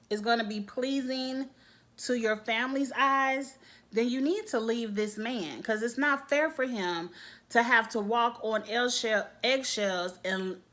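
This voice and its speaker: A woman's voice: on the high side, a bit bright. A woman, giving a casual, opinionated recap of a reality show and acting out the people she quotes. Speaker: TV show reviewer.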